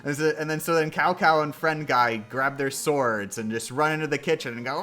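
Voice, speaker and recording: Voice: mid-range voice, animated, moderate pace, few pauses, sharp tone, soft background music. A streamer telling a silly story in a meandering way, with lots of restarts and laughing along. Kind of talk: rambling comic storytelling.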